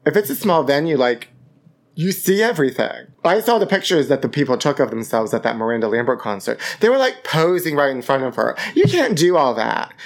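A man hosting a gossip podcast from his apartment, theatrical and camp, calling listeners honey. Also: fairly high pitch. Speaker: podcast host. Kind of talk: campy gossip chat. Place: home apartment. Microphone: podcast microphone.

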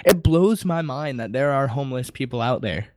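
Laughing frequently, this man co-hosts a casual podcast and keeps the chat loose and animated. His voice is mid-range and his pace moderate.

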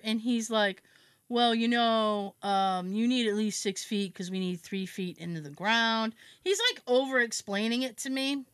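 Woman, podcast host, casual chat, slightly high voice, lively storyteller, self-mocking, dry close sound. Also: dry recording. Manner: animated storyteller, acts out other people's lines.

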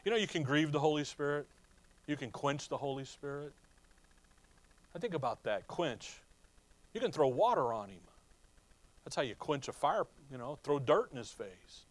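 A man preaching a sermon with lively emphasis, often asking the congregation rhetorical "what?" questions. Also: a little high, normal speed, pauses often. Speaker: pastor.

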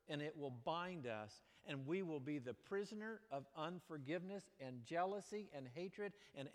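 High-voiced preacher in a reverberant hall. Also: male voice. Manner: animated preaching with sudden loud exclamations and drops to quiet. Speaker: pastor. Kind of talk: sermon. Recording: long reverb of a large hall.

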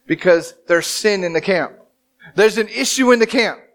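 A man in his thirties preaching a sermon as pastor, telling the story with animated, dramatic acted-out quotes. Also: high-pitched, moderate pace.

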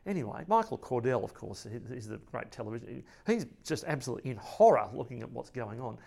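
An Australian man in a podcast interview, telling a rambling, lively story about a friend, with many restarts and acted-out quotes. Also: medium pitch, quick pace, creaky, hardly any pauses. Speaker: friend and colleague of the late cartoonist.

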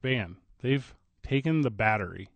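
A man's voice: mid-range voice, lively intonation, no room sound, muffled recording. A man hosting a casual morning sports talk radio show, joking and chatting with his co-host. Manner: jokey, chatty, quick banter.

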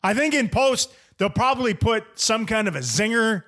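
A man's voice: sits high, expressive, moderate pace, a bit bright. Playful male sports podcast host. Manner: playful, repeats words, teasing. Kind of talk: casual sports chat. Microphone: studio headphones and mic.

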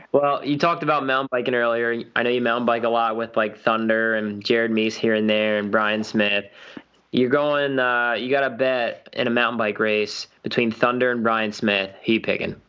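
A chatty man co-hosts a relaxed podcast and keeps the conversation moving with questions. His voice sits mid-range. The audio sounds slightly dull and lo-fi. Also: mid-range voice, normal speed, clear, resonant tone. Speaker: podcast co-host. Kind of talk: casual podcast chat.

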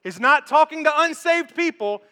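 A man preaching a lively, conversational sermon in a church, joking with the congregation and demonstrating on stage. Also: very high-pitched, normal speed, in a large hall. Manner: animated, conversational, repeats words, jokes with congregation. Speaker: pastor.

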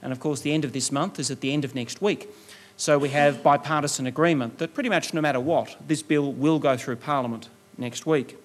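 A middle-aged man with an Australian accent delivering a formal public lecture in a measured, articulate manner. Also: a little high. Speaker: guest lecturer.

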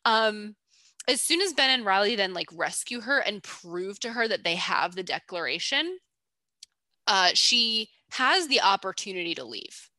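A woman's voice: medium pitch, sing-song, measured pace, bright, forceful tone, no room sound. A woman co-hosting a podcast, chatting playfully and teasing her co-host while breaking down a film character. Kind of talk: casual analytical chat.

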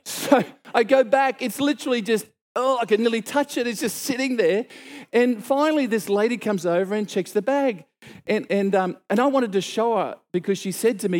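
A middle-aged man preaching, telling a story and acting out the dialogue with sudden exclaimed lines. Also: a little fast. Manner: animated, acts out dialogue with sudden high exclamations. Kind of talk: storytelling sermon.

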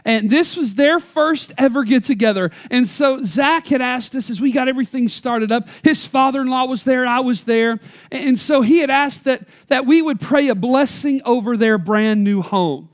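Preacher guy, really high voice, telling a story from the pulpit, gets loud then drops soft. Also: moderate pace. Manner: storytelling, emphatic, varies loudness for effect. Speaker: pastor. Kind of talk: sermon. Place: church.

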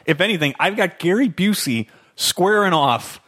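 A man's voice: high voice, expressive, moderate pace, fairly bright tone. A man hosting a podcast, chatting casually about a movie, chuckling and reading from his notes. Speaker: podcast host. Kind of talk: casual movie commentary chat.

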